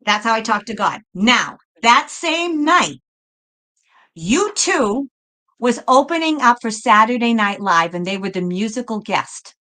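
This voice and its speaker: A middle-aged woman from New talks straight to her viewers in a loose, unscripted monologue. She is blunt and swears freely, stumbles and repeats herself as she goes. Her voice is bright, forceful and a little high. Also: sing-song, unhurried, low-quality recording. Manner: blunt, profane, repeats and restarts. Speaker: spiritual video host. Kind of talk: casual storytelling monologue.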